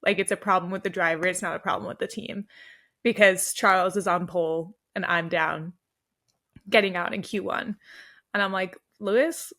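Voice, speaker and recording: A young woman co-hosts a casual racing recap podcast, laughing often and cracking jokes. Her lowish voice holds a steady tone at a moderate pace, sounding pushed and bright.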